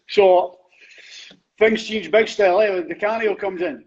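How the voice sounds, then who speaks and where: Scottish male host, husky and high, quick reactions, muffled lo-fi sound. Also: steady tone, a little mellow. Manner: laughs often, short reactions, sweary. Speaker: podcast host. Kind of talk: casual interview chat. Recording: dull lo-fi sound.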